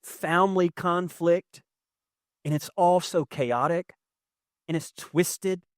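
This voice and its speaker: A young man preaching a sermon as pastor, conversational and emotional, swinging from loud to hushed. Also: high-pitched, steady tone, takes it slowly, dry recording, studio quality. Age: young adult. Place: church sanctuary with audience.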